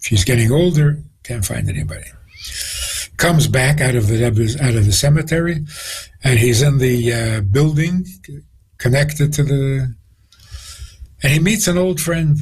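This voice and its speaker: A man's voice: mid-range voice, a little slow, pauses often, a little mellow, husky, low-quality recording. A rabbi, a man, tells stories with quoted dialogue as a guest on a radio interview. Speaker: rabbi answering questions as a guest.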